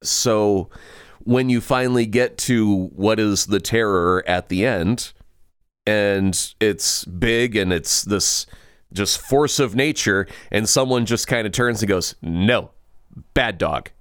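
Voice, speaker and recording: Podcast co-host, male, low smooth voice, dry close mic, loose rambling review. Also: slow, no room sound. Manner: rambling, animated movie review with restarts. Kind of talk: casual chat.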